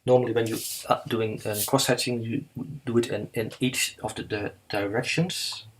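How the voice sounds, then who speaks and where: Halting, husky-voiced man teaching drawing. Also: mid-range voice, fairly even intonation, low-quality recording. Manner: halting, many fillers and restarts, slow and careful. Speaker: artist teaching live drawing. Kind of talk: live drawing demonstration.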